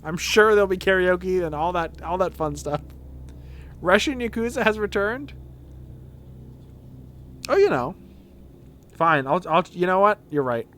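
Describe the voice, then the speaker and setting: A male streamer commentating a game playthrough and reading out chat, talking in an excitable, joking way. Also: high voice, measured pace, long pauses, a little hiss or hum. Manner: excitable, joking, laughs often. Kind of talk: let's-play commentary with chat.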